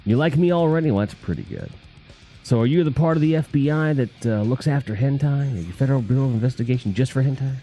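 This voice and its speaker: A man's voice: medium pitch, fast, warm tone, faint music behind. A man from the Northeast US, hosting a casual live stream, reading chat comments in a rambling, profane, jokey way.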